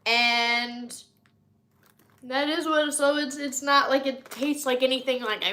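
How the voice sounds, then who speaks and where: A woman's voice: high voice, lively intonation, unhurried, bright, forceful tone. A young American woman rambling through a casual snack-tasting vlog, with many likes and ums, a little nasal from being sick. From United States. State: slightly nasal from recent illness. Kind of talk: casual chat to camera.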